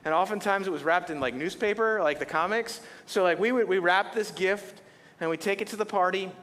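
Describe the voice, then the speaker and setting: A middle-aged pastor preaches in a church auditorium, telling stories with humor and animation. His voice sits high with a fairly bright tone, and he talks a little fast. The long reverb of the church hall carries through the recording.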